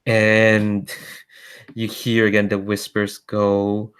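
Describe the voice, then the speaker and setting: Cast: male game master, low voice, unhurried delivery. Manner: relaxed, hesitant with fillers. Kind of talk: narrating a tabletop game.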